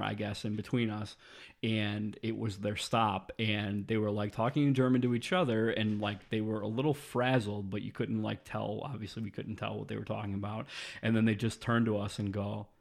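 A man's voice: lowish voice, level tone, normal speed, creaky. A man in his twenties telling a travel story in a rambling, casual way, full of fillers and the odd swear word.

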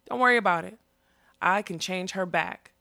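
A woman voicing a young male magician who speaks hoarsely but keeps his voice level. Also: fairly low pitch, moderate pace, sharp tone, no echo, studio quality. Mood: reassuring. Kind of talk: audiobook character reading.

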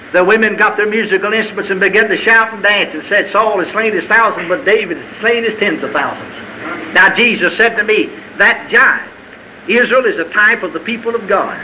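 A man preaching a sermon with an old-fashioned preaching cadence, swinging between loud, high exclamations and low, quiet asides. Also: a little hiss or hum, low-quality recording.

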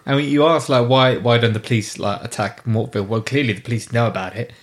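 A man's voice: medium pitch, fast talker. A man appearing as a podcast guest, talking emphatically and casually about a film. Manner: emphatic, laughs easily.

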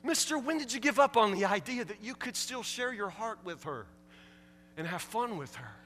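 A man's voice: high-pitched, lively intonation, normal speed, sharp tone, long reverb tail, slight background noise. A man preaching a sermon, pressing the congregation with emphatic, repeated rhetorical questions. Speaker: pastor.

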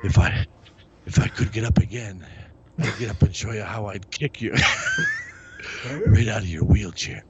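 A man doing a comedic impression of a menacing aging action star, in a low hushed gravelly mumble with deadpan tough-guy threats. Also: measured pace, long pauses, a loud crowd, heavily acted. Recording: muffled recording with loud background noise.

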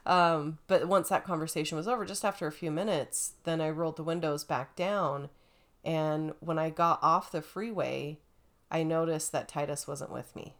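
A woman telling a story in a casual chat, animated and acting out the quotes. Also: sits low, moderate pace.

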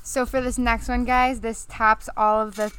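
Bright, sassy young woman. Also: a little high, little pitch movement, normal speed, clear, resonant tone. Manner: sassy, exasperated, laughing. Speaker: podcast co-host. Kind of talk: casual chat. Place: outdoors on a porch.

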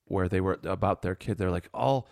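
A male podcast host with a fairly low voice, recounting his stories in loose, casual chat. He curses freely and stammers when he restarts a sentence. The sound is dry and close to the mic. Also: completely flat delivery, a little fast, darkish tone, no room sound. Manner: storytelling, swears, stammers on restarts.

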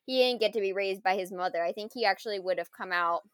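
A woman in casual conversation reviewing a film, animated and full of fillers and laughs. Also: medium pitch, fast talker, clear, resonant tone, no room sound, clean studio sound.

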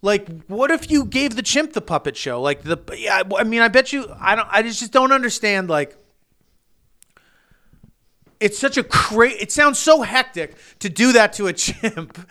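A man's voice: high-pitched, lively intonation, moderate pace, bright, forceful tone. A man co-hosting a comedy podcast, ranting with constant swearing and restarts. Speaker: podcast co-host. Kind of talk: profane comedic podcast rant.

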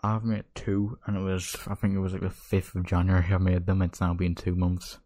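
Teen boy, casual co-host, halting speech, very deep voice, dry close recording. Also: completely flat delivery, dark tone, dry recording. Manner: hesitant, lots of fillers. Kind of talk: casual chat.

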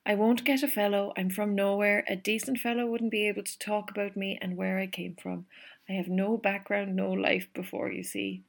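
A woman voicing a brisk, teasing young kitchen maid. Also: medium pitch, flat delivery, vocal fry. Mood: wistful.

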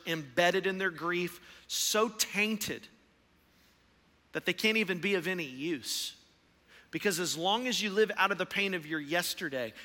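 A male pastor preaching a sermon with impassioned delivery, shifting from hushed lines to loud storytelling. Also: on the high side. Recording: long hall reverb.

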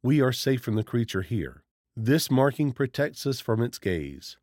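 A man doing a calm, solemn forest warrior. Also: medium pitch, dry recording, clean studio sound. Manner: calm, measured, formal speech.

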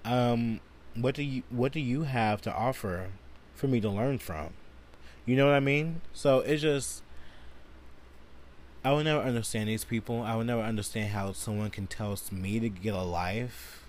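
A man's voice: mid-range voice, moderate pace, darkish tone. A man hosting a solo podcast, ranting angrily and profanely with lots of filler words. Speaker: podcast host.

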